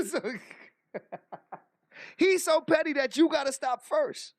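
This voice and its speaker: Male vlogger reacting to clips, lively voice, dry close mic, mocking and exasperated. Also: very high-pitched, takes it slowly, dry recording. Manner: animated, incredulous, swearing, mocking impressions. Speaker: commentary vlogger. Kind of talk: casual reaction commentary.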